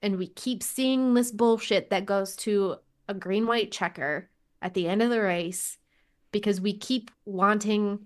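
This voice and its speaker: A woman's voice: mid-range voice, unhurried. A woman co-hosting a motorsport podcast over a remote call, talking casually and frankly, swearing and laughing often. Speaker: podcast co-host. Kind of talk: casual chat.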